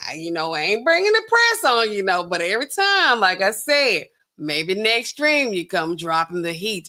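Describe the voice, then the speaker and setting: A woman's voice: medium pitch, sing-song, moderate pace, sharp tone, a little hiss or hum. A middle-aged woman hosting a pharmacy livestream, chatting casually with her viewers and carefully sounding out drug names.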